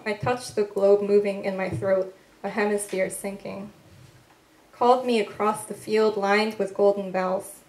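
Woman reading poetry, flat and measured. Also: mid-range voice. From Korea. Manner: measured, deliberate recitation with pauses between lines; soft, tentative asides between poems. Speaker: poet reading her work. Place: event room at a literary venue. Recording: echoey live event room.

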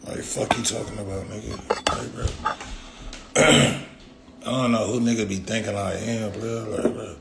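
A man's voice: fairly low pitch, fairly even intonation, a little slow, vocal fry, long pauses, heavy background noise. A man ranting on a livestream in a profane, confrontational way. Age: adult with young kids. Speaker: rapper streaming live. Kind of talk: livestream rant.

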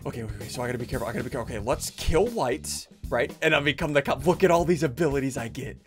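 A man hosting excited gameplay commentary, explaining as he plays and often yelling and laughing. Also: medium pitch, racing. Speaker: gaming YouTuber host. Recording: music playing underneath.

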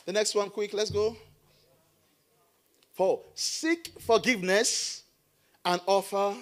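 A middle-aged man preaching a sermon as a pastor in church, animated with playful asides. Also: high voice, takes it slowly.

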